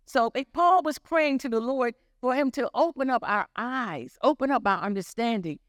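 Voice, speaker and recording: A woman's voice: fairly high pitch, lively intonation, moderate pace, hardly any pauses, dry recording, studio quality. An older woman preaching a sermon, telling her own story in an earnest, repetitive way.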